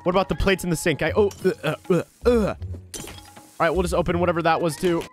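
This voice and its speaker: A man doing a bratty, excitable baby boy. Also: high-pitched, quick pace, faint music behind, natural voice. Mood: destructive. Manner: excitable, whiny, vengeful when upset. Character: bratty, excitable male baby, one year old. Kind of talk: gameplay role-play commentary.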